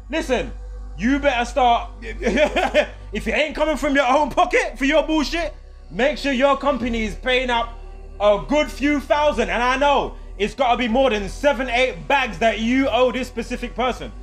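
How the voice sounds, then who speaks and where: A man, ranting angrily and profanely to camera in a vlog, heated and sarcastic. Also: extremely high pitch. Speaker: vlogger. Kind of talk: angry ranting monologue to camera.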